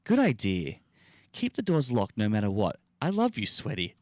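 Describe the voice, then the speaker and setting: A man's voice: lowish voice, wildly swooping pitch, moderate pace, darkish tone, no room sound. This is a sweet, earnest young boyfriend from a campfire-style story, voiced by a man reading it aloud. He speaks with a doting, slightly raised voice. The recording is close and dry. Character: devoted young boyfriend on a moonlit drive.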